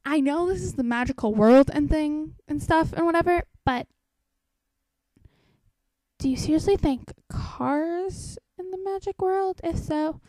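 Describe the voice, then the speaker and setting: High and mellow, this young woman's voice moves at a measured pace in a dry, rough recording. She offers casual spoken commentary on a book she's reading, quizzically nitpicking its details.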